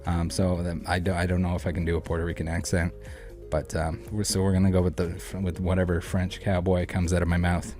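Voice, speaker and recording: A man's voice: deep voice, completely flat delivery, fairly quick, few pauses, a little mellow, faint music behind. A man hosting a casual commentary video, talking in a rambling, blunt way with many fillers. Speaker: channel host.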